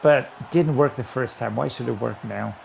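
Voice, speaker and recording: A man giving running commentary while playing a football video game, excitedly talking through his play calls to himself. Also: medium pitch, normal speed, gravelly, a little hiss or hum. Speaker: gaming YouTuber. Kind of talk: live gameplay commentary.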